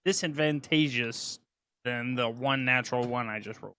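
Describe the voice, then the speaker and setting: A man's voice: mid-range voice, moderate pace, pushed and bright, smooth. A man playing a tabletop game, joking and laughing as he speaks in character and out. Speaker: player.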